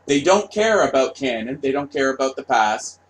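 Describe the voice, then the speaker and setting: A middle-aged man hosting his own channel, delivering a profane, mocking rant with shouted outbursts. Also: medium pitch, very animated, normal speed, a little hiss or hum. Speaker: commentary channel host. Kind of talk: ranting monologue.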